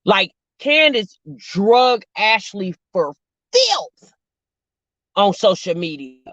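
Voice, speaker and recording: A woman's voice: medium pitch, big pitch swings, takes it slowly, fairly bright tone, no echo. A woman hosting a casual chat stream, sassy and talkative. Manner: chatty, sassy, addresses viewers as sis and y'all. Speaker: show host reacting to reality TV. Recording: dull lo-fi dry sound.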